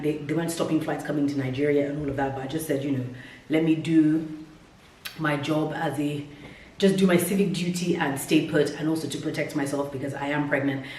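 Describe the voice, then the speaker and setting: A woman talks to camera in a casual, rambling vlog, thinking out loud as she goes. She sounds tired and breathes heavily between phrases. The room rings around her, and she sits some way back from the microphone. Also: low-pitched, distant mic. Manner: rambling, self-reflective, chatty. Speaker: vlogger. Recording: roomy echo, mic set back.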